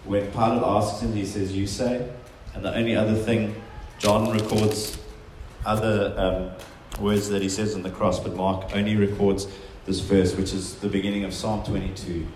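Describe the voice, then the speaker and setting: A man's voice: on the low side, level tone, normal speed, darkish tone, a little hiss or hum. A man preaching a sermon, earnest and emphatic, often voicing quotations in a stronger tone. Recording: very echoey room.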